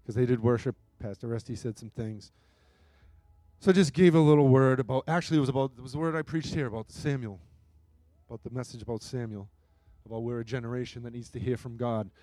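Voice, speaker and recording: A man preaching a sermon and telling a story, his voice swinging between hushed moments and loud, emphatic bursts. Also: medium pitch, fast, no echo. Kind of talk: sermon testimony.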